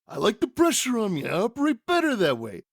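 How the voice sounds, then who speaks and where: A man doing an impression of a wild, shouting male wrestler cutting an intense promo. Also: sits high, huge pitch swings, fast, gravelly, dry recording, clean studio sound, pitched above the performer's own voice, heavily acted. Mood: intense boasting. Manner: bellowing, intense promo delivery.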